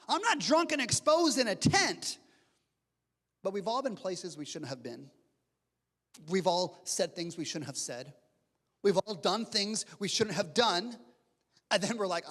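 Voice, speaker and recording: A man in his forties preaching a sermon as pastor, telling a story with lively asides and frequent restarts. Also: sits high. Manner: animated storytelling with repeated restarts and playful asides. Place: church sanctuary. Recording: long reverb of a church hall.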